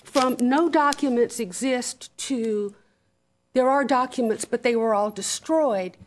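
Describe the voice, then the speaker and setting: A woman's voice: a little high, takes it slowly, slight background noise. A woman serving as an appellate judge, questioning an attorney with pointed, probing questions. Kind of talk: questioning counsel in court.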